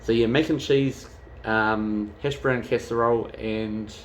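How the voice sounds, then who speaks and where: A man's voice: lowish voice, fairly even intonation, a little slow, slight background noise. A man chatting casually as a travel vlogger, rambling and swearing freely. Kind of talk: casual chat.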